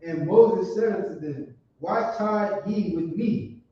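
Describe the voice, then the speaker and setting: A man reading scripture aloud slowly and haltingly as a student. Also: high-pitched, dark tone. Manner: slow, halting reader. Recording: distant, echoey, dull recording with faint noise.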